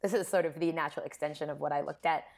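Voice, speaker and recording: A woman's voice: low voice, steady tone, racing, creaky. A woman, a linguist, explaining her research findings in a casual academic conversation. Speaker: linguist guest.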